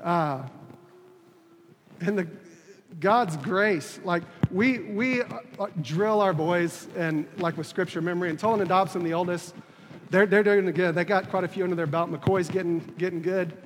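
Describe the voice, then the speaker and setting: A man's voice: high-pitched, in a large hall. Man, 30s, church preacher, earnest testimony, stumbles and repeats, faint room noise behind. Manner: halting, repeats words and restarts, earnest. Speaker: preacher on a church leadership team. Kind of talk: personal testimony sermon.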